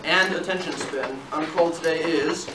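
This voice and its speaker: A man's voice: fairly high pitch, moderate pace, close to an everyday voice. A young man playing a stammering surgeon. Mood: earnest. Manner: stammering, repeats words. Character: bumbling, stammering male surgeon. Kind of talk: amateur stage skit. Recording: echoey hall, far mic, loud hiss.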